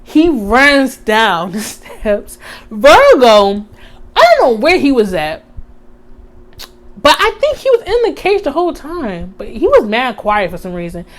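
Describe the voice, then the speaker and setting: A young woman vlogger casually telling a story in slangy speech, acting out the quotes with animated energy. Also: a little high, unhurried. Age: young adult.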